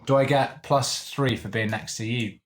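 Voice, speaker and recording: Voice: medium pitch, fairly even intonation, normal speed, reverberant, slight background noise. A player chatting playfully and laughing often during a tabletop game. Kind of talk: casual game chat.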